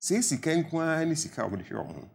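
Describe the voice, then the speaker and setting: A man's voice: on the high side, big pitch swings, very fast, vocal fry, breathy edge. An older man with a Ghanaian accent, a pensioner guest in a studio panel debate, arguing earnestly and rising to emphatic appeals.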